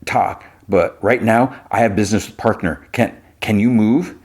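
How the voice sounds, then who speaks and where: A man's voice: on the low side, normal speed, a little mellow, voice pushed up. A man voicing a determined young woman inventor who pushes on stubbornly. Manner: stubborn, earnest.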